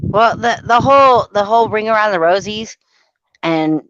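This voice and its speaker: A woman's voice: medium pitch, normal speed, a bit bright, no room sound, muffled recording. A woman in casual chat, earnest and searching for her words.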